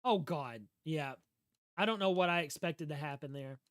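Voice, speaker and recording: A man's voice: fairly high pitch, moderate pace, clear, resonant tone, dry recording, studio quality. A young man with a Southern US drawl casually chatting and joking while streaming a game, talking back to chat. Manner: slurred drawl.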